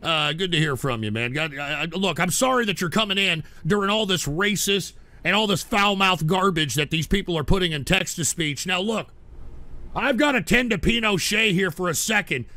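A man hosting a livestream talk show while sick, ranting in exasperation and bursting into shouts. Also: high voice, animated, moderate pace, dry recording. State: sick, coughing. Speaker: show host.

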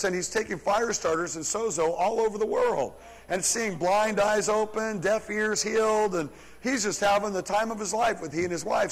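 High-voiced preacher in a reverberant hall. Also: male voice. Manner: animated, chuckling storyteller. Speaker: pastor. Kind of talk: sermon storytelling. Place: church service, large room. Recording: live church recording with long hall reverb.

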